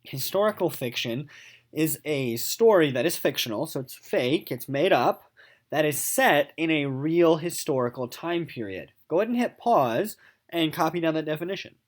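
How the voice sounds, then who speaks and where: In a recorded remote lesson, a man teaches sixth-grade literature at a normal pace with a higher-pitched voice. He animatedly explains terms and reads a novel aloud, rephrasing each point more simply and checking in often with "okay?" and "right?"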